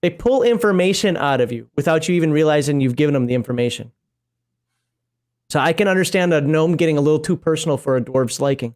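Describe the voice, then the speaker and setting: A man's voice: fairly high pitch, fast, darkish tone. A man co-hosting a tabletop game livestream, reading rulebook passages aloud and breaking into chatty, laughing asides. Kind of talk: casual chat while reading a rulebook aloud.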